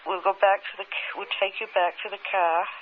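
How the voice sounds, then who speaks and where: A woman speaking under hypnosis, slowly reliving a memory in the present tense. Her speech is halting and dreamy, full of stops and restarts. The recording is a narrow, tinny old tape with a faint hiss underneath. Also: medium pitch, level tone. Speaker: hypnosis subject.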